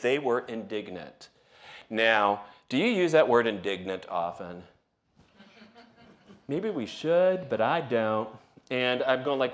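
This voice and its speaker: A man preaching a sermon in a relaxed, conversational way, acting out quoted lines with rising and falling voice. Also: mid-range voice. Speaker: pastor.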